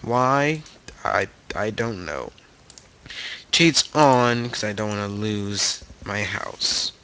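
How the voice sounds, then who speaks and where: A man's voice: fairly low pitch, slow, bright, forceful tone, slight background noise. A man hosting a let's play, rambling through gaming commentary with frequent stammers and self-corrections.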